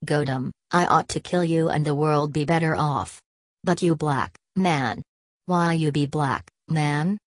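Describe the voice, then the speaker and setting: In an unhurried, low voice on a dry recording, a woman performs an audiobook character: a stocky, fiery male street agitator. He rages and pleads in clipped dialect.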